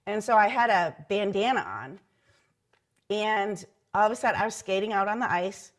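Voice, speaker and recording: A middle-aged woman with an ordinary, mid-range voice tells anecdotes from her years as a team mascot. She talks in a loose, chatty way, full of fillers and "like"s, as in an oral history interview. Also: mid-range voice. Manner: chatty anecdotal telling with many ums and likes. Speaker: former hockey team mascot.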